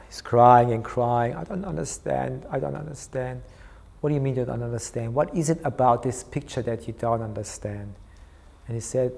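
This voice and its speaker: A man lecturing on art therapy, recounting a clinical case and acting out the dialogue between therapist and child, growing soft for the tender moments. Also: medium pitch. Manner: storytelling, softens his voice for tender moments.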